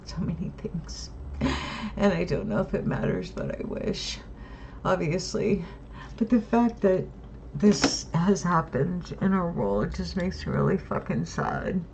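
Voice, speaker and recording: A woman in her sixties talking slowly in a rambling, emotional vlog, often close to tears and laughing softly. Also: lowish voice, very animated, vocal fry, a little hiss or hum. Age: 60s. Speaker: vlogger. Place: outdoors by the water.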